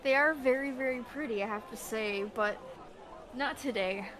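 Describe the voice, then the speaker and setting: A woman's voice: fairly high pitch, normal speed, fairly bright tone, some chatter behind. A woman player in a tabletop game, friendly and easygoing in casual role-play. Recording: noisy hissy mic.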